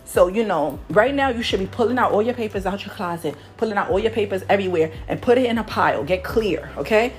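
A woman's voice: medium pitch, quick pace, hardly any pauses, faint music behind. A woman from Harlem, New York, hosting a motivational podcast as a manifestation coach, talking casually while a bit out of breath from cleaning, rambling and often tagging "right?". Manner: rambling, keeps asking "right?".

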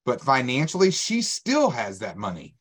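A man's voice: medium pitch, huge pitch swings, moderate pace, husky. A man in a group discussion, explaining a point in an earnest way.

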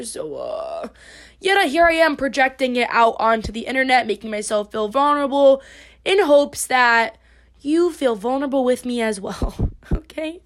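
A tipsy young woman hosting a casual solo podcast, playful and self-mocking, swearing often and shifting between loud outbursts and mumbled asides. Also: on the high side, animated, normal speed. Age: young adult. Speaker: podcast host.

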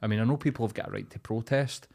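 A man's voice: on the low side, very fast, creaky, a little mellow. Sweary Glaswegian man ranting. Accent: Glaswegian Scottish. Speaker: podcast co-host. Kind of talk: casual chat.

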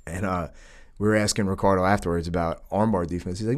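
A man's voice: low-pitched, fairly even intonation, fast. A man in his thirties from New York, hosting a casual chat and calling people dude and man. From New York, United States. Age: 30s. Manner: easygoing, says dude and man often. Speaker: podcast host.

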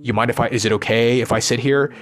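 A man's voice: medium pitch, steady tone, fast. A man giving a rambling, profane, intense unscripted monologue as a vlogger.

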